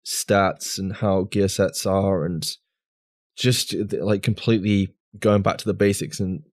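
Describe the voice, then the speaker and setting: A man's voice: low voice, steady tone, measured pace, no room sound, clean studio sound. A man co-hosting a podcast, chatting casually over drinks in a rambling way with plenty of restarts. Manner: rambling, restarts, filler words. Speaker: podcast co-host.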